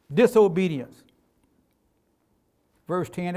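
An older male pastor delivering a sermon, his voice sitting high for a man. He preaches in a folksy, emphatic way, full of colloquial turns and direct appeals to the listener. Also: normal speed, a little mellow.

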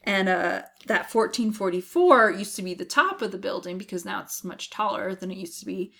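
A woman's voice: medium pitch, expressive, moderate pace, vocal fry, a bit bright. Laughing woman podcast co-host. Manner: laughs often, quotes lines from the show. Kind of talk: casual chat, episode recap.

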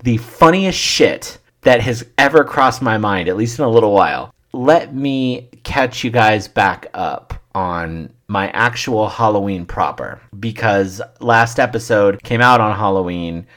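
A man's voice: on the low side, animated, unhurried, few pauses, a bit bright. A man hosting his own comedy podcast, telling crude, irreverent stories in a wry, offhand monologue. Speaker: podcast host.

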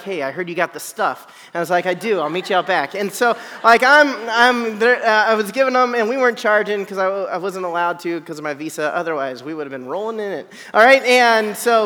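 A man telling a humorous personal story to an audience, animated and self-deprecating, often checking in with "right?". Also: high-pitched, big-room sound.

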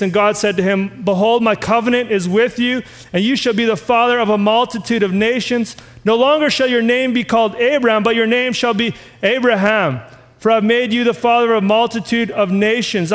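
High-voiced man preaching in a reverberant hall. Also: fairly bright tone. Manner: reads scripture aloud and asks the listeners questions. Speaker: pastor. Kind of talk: sermon.

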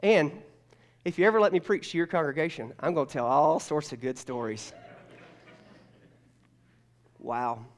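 Male pastor, conversational sermon, storytelling, joking, frequent restarts, slightly high voice. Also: moderate pace, long pauses.

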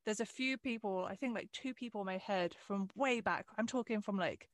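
A woman actor, chatting casually, self-deprecating and quick to swear. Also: medium pitch, dry recording. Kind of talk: casual chat.

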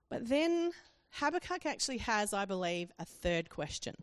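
A woman's voice: medium pitch, sing-song, moderate pace, hardly any pauses, no room sound, studio quality. A woman preaching a sermon, acting out quoted questions with rising emphasis.

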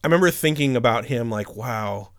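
A man's voice: medium pitch, normal speed, no room sound, clean studio sound. A man casually telling a funny workplace story, swearing often and laughing. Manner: profane, animated, laughs often. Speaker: podcast host telling a story.

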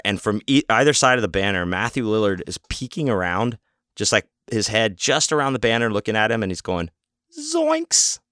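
A man's voice: fairly low pitch, a bit bright, dry recording, clean studio sound. A man hosting a podcast, telling a long story casually in a rambling, profane, self-mocking way. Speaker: podcast host.

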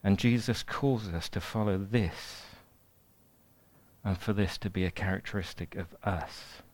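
A man preaching a sermon in a conversational way, retelling a parable with animated asides. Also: deep voice, a little slow.

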